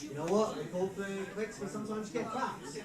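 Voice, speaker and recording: An English comedy host in his thirties with a high, light voice, spinning dry, self-mocking anecdotes on stage. The sound is roomy and set back from the mic, with a lively crowd reacting behind him. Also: a little fast. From England. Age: 30s. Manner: dry, self-mocking storytelling with frequent laughs. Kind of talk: stand-up comedy hosting on stage. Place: live comedy venue. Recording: roomy live venue mic from a distance. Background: audience crowd reactions.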